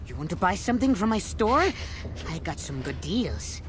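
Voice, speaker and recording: A man's voice: sits high, sing-song, moderate pace, a bit bright, a little hiss or hum. An actor playing a shady male junk dealer with a faintly Irish-sounding lilt, pushing his wares with sly sales talk. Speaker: game character.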